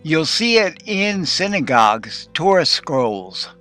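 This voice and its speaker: A man teaching a recorded Hebrew class, explaining plainly and slowing down to sound out Hebrew words. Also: on the high side, big pitch swings, bright, forceful tone, faint music behind. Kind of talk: recorded lesson.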